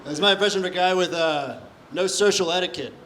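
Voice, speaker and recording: A male comedian on a live comedy stage, trading impressions in an animated way and laughing with quick apologetic asides. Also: sits high, noisy background. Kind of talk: rapid-fire impression game at a live comedy show.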